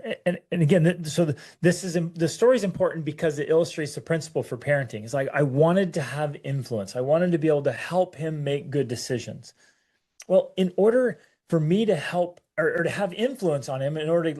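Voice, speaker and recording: A man co-hosting a parenting talk, telling a personal story in a halting, emotional way, full of restarts and repeated words. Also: a little high, warm tone. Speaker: parenting show co-host.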